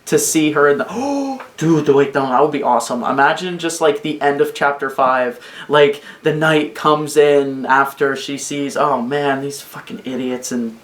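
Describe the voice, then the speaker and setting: An excitable woman riffs on her game theories with a rambling, profane, off-the-cuff delivery. Her voice swoops up and down with lively energy. The sound bounces around an echoey room. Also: low voice, normal speed, few pauses. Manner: excitable, rambling, swears a lot. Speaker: video host. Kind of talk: casual game theory rant.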